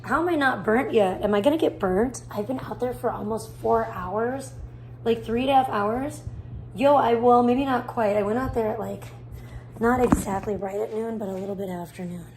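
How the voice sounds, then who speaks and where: A woman's voice: fairly high pitch, normal speed, darkish tone, slight background noise. A woman live-streaming outdoors from her phone while tanning, chatting casually with rambling, crude jokes and muttering to herself.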